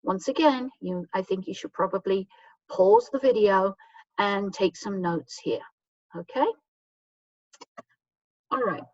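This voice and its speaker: A woman teaching English grammar to learners, patiently explaining and often checking understanding with "okay?", and reading example sentences slowly. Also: medium pitch, a little mellow, dry recording. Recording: dull, distant mic in a dry room.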